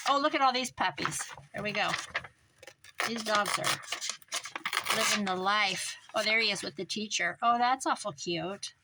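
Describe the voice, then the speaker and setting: A woman making a craft journal, chatting casually as she works and muttering to herself with quick self-corrections. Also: mid-range voice, background noise. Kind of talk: casual crafting vlog, talking while working.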